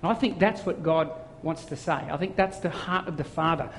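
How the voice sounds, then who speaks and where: Animated male pastor in a reverberant hall. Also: fairly high pitch, brisk, slight background noise. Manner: animated storytelling, acts out voices. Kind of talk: sermon.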